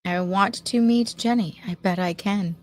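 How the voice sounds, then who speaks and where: A woman hosts a relaxed online hangout, teasing her guests and joking with them. Her voice sits at an ordinary middle pitch for a woman, and her delivery stays playful and easygoing. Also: a little slow. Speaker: host. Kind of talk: casual chat.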